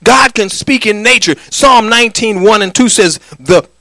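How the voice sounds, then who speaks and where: A middle-aged man preaching a sermon, swinging from loud declarations to hushed lines and calling for the congregation's answer. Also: high-pitched, moderate pace, hardly any pauses, no room sound. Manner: calls for congregation response. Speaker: pastor.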